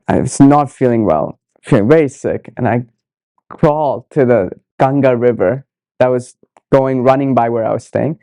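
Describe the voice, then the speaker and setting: A man recounting his own story on a podcast, earnest and reflective, slipping into the voices of the people he quotes. His voice is mellow and gravelly, and the sound is dry and close. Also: mid-range voice, dry recording. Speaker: podcast guest, monk. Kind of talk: storytelling in an interview.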